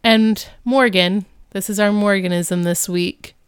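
A woman co-hosting a casual podcast, chatting in a wry, animated way. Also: mid-range voice, unhurried, smooth, dry recording, studio quality. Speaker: podcast co-host. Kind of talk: casual rewatch podcast chat.

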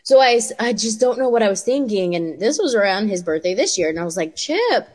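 Animated storytelling woman in a reverberant room. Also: medium pitch, quick pace. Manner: animated storytelling with playful quoted voices. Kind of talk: casual chat.

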